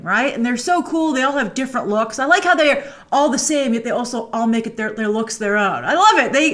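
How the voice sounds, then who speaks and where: A woman's voice: on the high side, a bit bright. A woman hosting a film review show, chatting enthusiastically through a trailer breakdown with frequent fillers. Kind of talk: casual trailer breakdown commentary.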